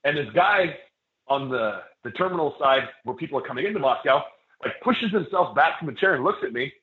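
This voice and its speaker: A man's voice: on the high side, animated, a little fast. A man, a wrestler guest on a casual podcast, telling a long rambling story with many fillers and restarts. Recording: echoey, phone-like lo-fi sound.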